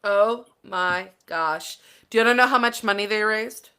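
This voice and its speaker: Bright, clear-voiced woman co-host. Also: mid-range voice, moderate pace. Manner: animated, giggly, reads out news bits. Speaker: podcast co-host. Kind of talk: casual chat.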